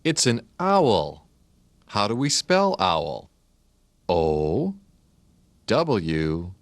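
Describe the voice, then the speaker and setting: Slow, deep-voiced man spelling words for kids. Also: no room sound. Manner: slow, spells words letter by letter, friendly questions. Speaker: children's educational narrator. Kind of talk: scripted narration.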